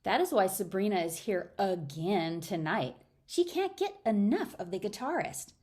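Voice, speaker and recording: Loud teasing young friend, high and bright, a woman narrator puts her on. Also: unhurried, close to an everyday voice. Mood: excited. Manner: loud, excited.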